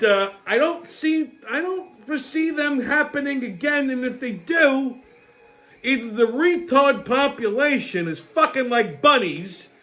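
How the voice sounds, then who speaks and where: High-voiced, foul-mouthed New man. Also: pushed and bright. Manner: profane, heated storyteller. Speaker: host. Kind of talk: casual ranting monologue.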